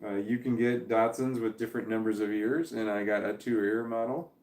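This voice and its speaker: A man's voice: on the low side, fairly even intonation, moderate pace, darkish tone, roomy sound. A man in his forties, hosting a casual livestream, rambling as he reads out viewer comments and chuckles along. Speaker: livestream host.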